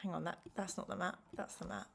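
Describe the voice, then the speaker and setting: A woman's voice: on the low side, steady tone, fast, creaky, fairly bright tone, a little hiss or hum. Chatty woman streaming a gamebook. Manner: chatty, reads choices aloud and talks to viewers. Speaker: streamer and host. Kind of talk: live-streamed gamebook play-through.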